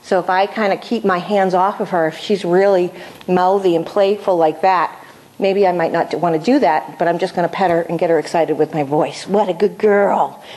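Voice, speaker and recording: A woman's voice: lowish voice, fairly even intonation, moderate pace, a little mellow. A middle-aged woman dog trainer giving an instructional demonstration, explaining each step and checking in with her listeners.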